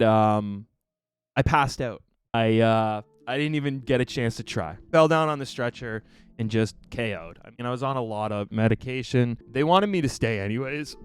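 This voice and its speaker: A man streamer telling a story in casual talk to his viewers, animated and profane, acting out the people in it. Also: clear, resonant tone. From Canada. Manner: animated, profane, mimics the doctor in raised pitch.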